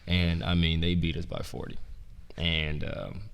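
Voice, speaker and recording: A young man, a former college basketball player and coach, telling stories in a relaxed, rambling way, full of "like" and "um". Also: low-pitched, measured pace, gravelly, clean tone. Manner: relaxed, rambling, heavy use of "like" and "um". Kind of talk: casual storytelling interview. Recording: roomy with long reverb.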